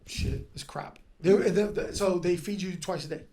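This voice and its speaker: A man from Fresno telling animated stories in casual podcast chat, swearing freely. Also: sits high, moderate pace. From Fresno, California. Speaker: guest storyteller.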